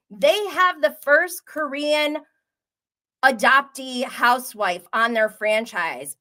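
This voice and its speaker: A woman hosting a live stream, chatting casually and gossiping, reacting to comments with frequent laughs. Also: high voice. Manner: animated, gossipy, laughs often, reads chat aloud. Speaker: host.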